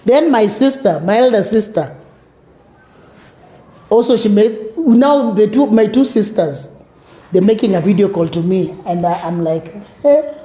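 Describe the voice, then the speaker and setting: A middle-aged woman with a Kenyan accent, telling her personal story as an interview guest, animated and acting out the voices of others. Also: medium pitch, unhurried, long pauses, roomy sound. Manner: animated, acts out quoted voices, mixes in Swahili words.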